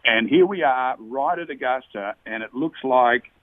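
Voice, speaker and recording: A man's voice: mid-range voice, normal speed, no room sound. A middle-aged man tells his stories with lots of energy and plenty of swearing, throwing in "mate" as he goes. He comes through a narrow, phone-like line with no room sound at all. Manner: animated, profane storyteller who calls people mate. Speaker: podcast guest, former tour golfer. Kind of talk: casual storytelling chat.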